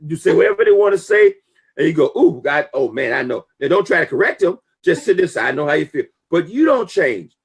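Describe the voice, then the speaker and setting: A man talking casually and emphatically about business conduct, preachy and full of lively storytelling. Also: sits high, husky. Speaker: network marketing talk show guest. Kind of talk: casual motivational talk.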